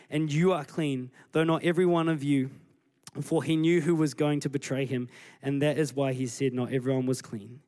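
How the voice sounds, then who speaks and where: A man preaching a sermon as pastor, retelling scripture with lively acted-out dialogue. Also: fairly high pitch. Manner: animated storytelling, acting out scripture scenes.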